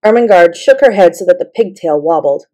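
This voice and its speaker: A woman's voice: lowish voice, lively intonation, a little fast, warm tone. Woman reading a bedtime story. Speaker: audiobook narrator.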